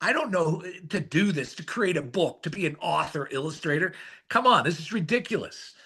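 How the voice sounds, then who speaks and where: A man with a voice on the higher side tells his story as an interview guest. He is animated, dropping low for the quiet parts and rising when he gets excited. He sounds middle-aged and speaks in a relaxed, conversational way. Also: normal speed, husky. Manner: animated, swings between hushed and excited. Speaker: author and illustrator, guest.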